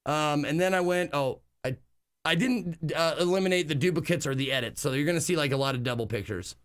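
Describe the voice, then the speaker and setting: Male streamer, casual chat, rambling delivery with many fillers and casual swearing, slightly high voice. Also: a little fast, a bit bright, clear, resonant tone. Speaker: live streamer.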